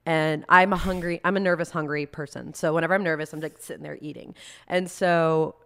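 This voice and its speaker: A woman's voice: sits low, fairly even intonation, a little fast. A young woman, a guest artist, telling long, rambling, self-deprecating stories in a casual chat. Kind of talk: casual storytelling.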